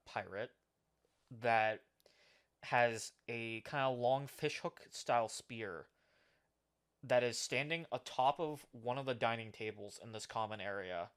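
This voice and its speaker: A man's voice: mid-range voice, fairly bright tone, clear, resonant tone. A man narrating as game master of a tabletop game, describing scenes with frequent "uh" and "like.".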